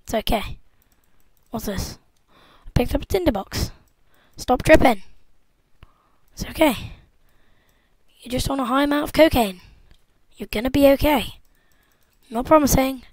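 Bantering with the game as she plays, a young gameplay commentator keeps up excitable, jokey let's-play chatter in a bright, high voice. Her pace is measured and she pauses often. The rough recording sounds close and dry, with no echo or room sound.

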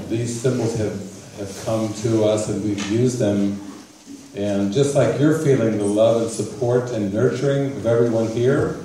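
A man leading a spiritual retreat session, speaking in a gentle, unhurried way with frequent chuckles. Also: on the low side, a little hiss or hum. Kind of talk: casual talk at a retreat. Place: retreat meeting room. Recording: echoey room, voice from far off.

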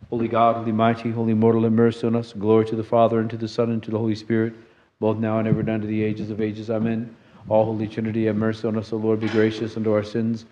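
A man's low, dark voice intones prayers in a monastery church, holding a flat monotone throughout. The sound is a bit dull and lo-fi. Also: slight background noise. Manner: slow steady monotone intoning. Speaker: monastic chanter. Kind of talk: chanted liturgical responses and prayers.

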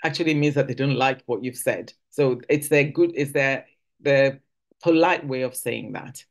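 Lively woman teaching at church. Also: normal speed. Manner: lively, acts out quoted phrases with big pitch jumps. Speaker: church speaker.

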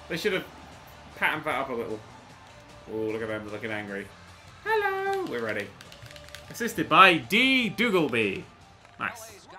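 A man commentating on a video game he is playing, excitable and sweary with jokey exclamations. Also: a little high. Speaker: gaming YouTuber. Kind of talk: let's-play commentary. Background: faint game music.

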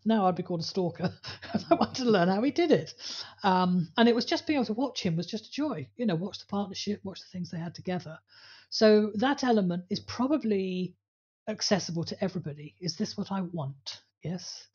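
A woman's voice: medium pitch, animated, brisk, darkish tone, breathy edge, dull audio. A woman co-hosting a podcast about dog training, talking casually and telling anecdotes with acted-out voices. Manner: storytelling, acts out voices in anecdotes.

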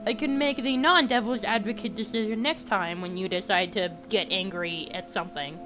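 A woman's voice: medium pitch, steady tone, moderate pace, music in the background. A woman commenting on a video game as she plays, chatty with exaggerated reactions. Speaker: gameplay streamer. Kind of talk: let's play commentary.

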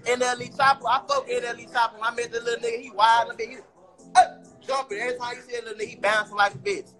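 A man in his twenties, a rapper guest telling stories in a casual interview, animated and boastful, full of profane street slang. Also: very high-pitched, racing, faint music behind.

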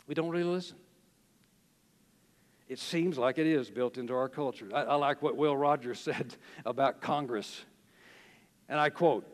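A man's voice: mid-range voice, moderate pace, pauses often. A man preaching a sermon, telling stories, reading quotes aloud and chuckling often. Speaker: pastor. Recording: long hall reverb.

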